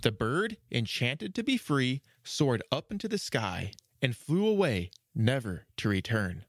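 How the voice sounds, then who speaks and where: A man narrating a fairy tale for a children's podcast, measured and expressive. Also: medium pitch, no room sound, studio quality. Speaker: storyteller. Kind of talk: storybook narration.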